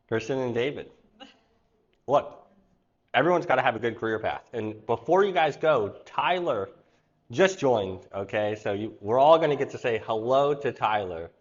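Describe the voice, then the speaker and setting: A man's voice: mid-range voice, muffled recording. A man hosting a live online cooking class, chatting casually and rambling into stories. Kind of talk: casual livestream class chat.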